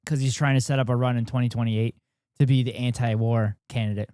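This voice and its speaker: A man's voice: mid-range voice, fairly even intonation, quick pace, mellow, smooth, dry recording, clean studio sound. A man live-streaming and chatting with viewers in a rambling, self-deprecating way. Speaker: streamer reacting with chat. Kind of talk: casual live-stream chat.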